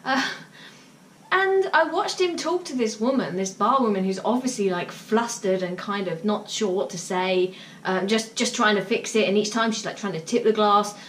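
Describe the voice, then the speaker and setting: A woman's voice: medium pitch, normal speed, a bit bright. A woman telling a casual story to camera, chatty, with lots of fillers. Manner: chatty, with many fillers and bursts of laughter. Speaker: vlogger. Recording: roomy, mic at a distance, faint noise.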